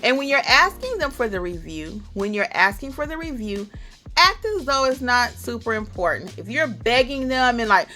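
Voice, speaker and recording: Woman notary educator, bright and a touch high, chatty how-to delivery, faint music bed. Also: moderate pace. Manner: chatty, animated, acts out little client dialogues. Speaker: notary educator and channel host. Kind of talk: upbeat how-to tips to camera.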